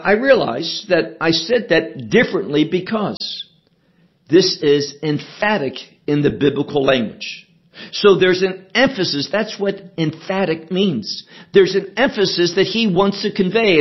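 A man teaching a sermon verse by verse, deliberate and emphatic, asking rhetorical questions as he explains the text. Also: high voice, lively intonation, muffled recording. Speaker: Bible teacher.

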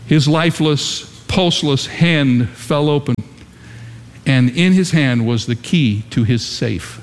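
A man's voice: medium pitch, long reverb tail. A man preaching a sermon with impassioned, rising and falling emphasis in a large church. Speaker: pastor.

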